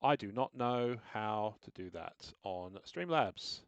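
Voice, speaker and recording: A man's voice: fairly low pitch, lively intonation, takes it slowly, clear, resonant tone, no echo, muffled recording. A man streaming games live, chatting casually and thinking aloud as he works out his setup, with self-deprecating asides. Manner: rambling, self-deprecating, talks through what he is doing on screen. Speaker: game streamer.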